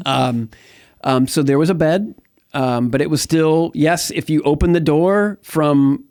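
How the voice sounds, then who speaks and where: A man's voice: on the high side, unhurried, a little mellow, smooth, no echo, clean studio sound. A middle-aged man from the United States telling his life story as an interview guest, candid and rambling, with many fillers and restarts. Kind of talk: personal testimony in conversation.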